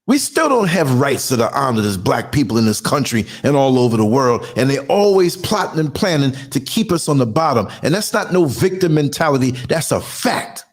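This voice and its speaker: A man's voice: mid-range voice, sing-song, moderate pace, few pauses. A man in his sixties hosting his own podcast, giving a fiery, indignant monologue with strong emphasis. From United States. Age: 60s. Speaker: podcast host and culture critic. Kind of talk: ranting monologue.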